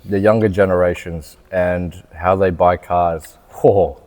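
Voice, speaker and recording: A man's voice: deep voice, steady tone, takes it slowly, darkish tone, big-room sound. A man, a car salesman and podcast co-host, trading joking, teasing banter in casual chat. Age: 20s. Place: car showroom.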